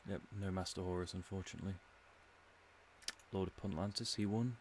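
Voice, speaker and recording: With a low voice and fairly even intonation, an English man keeps up brisk, casual commentary while streaming a game. He rambles and muses with a dry wit, and there's slight noise in the background.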